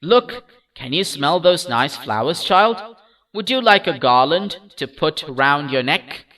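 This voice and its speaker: A kindly grown man in a storybook coaxes a crying child with gentle, persuasive offers, as a male narrator puts him on. The tone is bright and lifted a little. The voice sits slightly away from the mic. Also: a little high, sing-song, a little slow, recorded from a distance, full character voice. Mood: coaxing.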